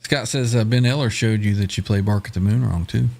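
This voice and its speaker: A man hosting a casual live guitar chat stream, relaxed and quick to laugh as he reads out viewer comments. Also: lowish voice, creaky. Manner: relaxed, laughs often, talks through chords. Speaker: podcast host reading live chat.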